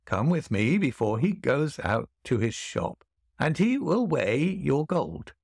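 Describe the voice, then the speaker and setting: A man's voice: on the high side, sing-song, slow pace, gravelly, darkish tone, husky, dry recording, studio quality, pitched above the performer's own voice, heavily acted. A man voicing a scheming old woman who lures victims, speaking in a coaxing, falsely friendly way.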